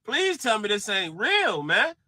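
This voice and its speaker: A man's voice: sits high, sing-song, a little slow, noisy background. A man ranting casually to the camera, teasing and speaking straight to the person he's talking about. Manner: teasing, addresses the subject directly. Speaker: commentator.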